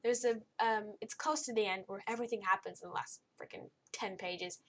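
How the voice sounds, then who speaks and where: A woman's voice: medium pitch, steady tone, fairly quick, fairly bright tone. A young woman giving a casual, blunt and exasperated spoken book review, rambling with frequent restarts.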